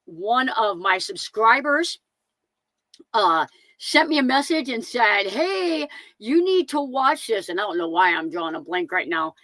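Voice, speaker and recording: Her high-pitched, sharp voice comes through with no echo as this middle-aged van life host runs a live stream. She keeps things casual, welcoming each viewer individually by name and frequently saying things twice.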